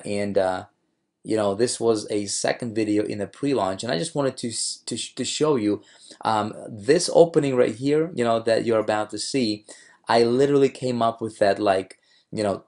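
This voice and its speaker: Hoarse guy coaching about marketing videos, lowish voice, lots of "you know"s. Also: a little mellow. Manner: rambling, many fillers and restarts. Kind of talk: casual commentary on his own videos.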